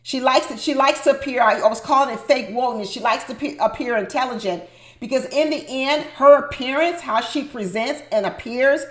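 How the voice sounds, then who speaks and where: A woman's voice: high-pitched, a little fast, fairly bright tone, reverberant. A woman hosting a recap of a reality show, giving opinionated commentary and talking straight to her viewers with lots of emphasis.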